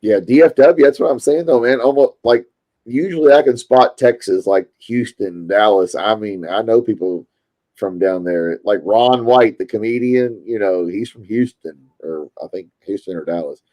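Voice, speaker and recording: A man's voice: on the low side, moderate pace, warm tone. A man with a Louisville Kentucky accent, chatting casually and rambling to his stream viewers. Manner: rambling, chatty, self-interrupting.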